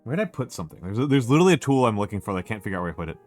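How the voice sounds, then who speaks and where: This middle-aged Chicago man streams as a VTuber, his Chicago accent tinged with New York, and he talks in a lowish, slightly mellow voice that races along, very animated. The sound is dry with no echo and faint music underneath. His casual chatter wanders, doubles back to fix itself, and leans heavily on fillers.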